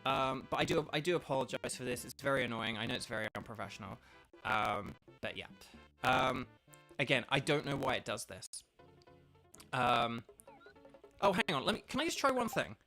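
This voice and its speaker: English guy on a live stream, gravelly bright voice, chatty and full of ums. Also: mid-range voice, very animated, normal speed, faint music behind. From England. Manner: hesitant, filler-heavy, talking to chat. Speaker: game streamer. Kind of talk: casual live-stream chat. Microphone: laptop streaming setup.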